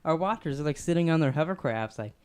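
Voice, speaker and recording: A young man hosting a casual podcast chat, telling stories in an animated, defensive way. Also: fairly high pitch, quick pace, clear, resonant tone. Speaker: podcast host.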